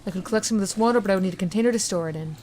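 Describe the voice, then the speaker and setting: A woman's voice: mid-range voice, very fast, mellow, a little hiss or hum. Swearing woman playing a horror game. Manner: casual, swearing, reacting with disgust. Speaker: gaming video host. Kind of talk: let's play commentary, reading game text aloud.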